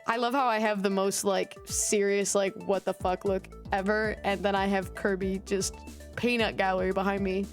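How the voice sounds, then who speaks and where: Woman streamer commenting on a game, casual, cursing, mid pitch, music under her. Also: little pitch movement, moderate pace. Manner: casual, swears freely, laughs.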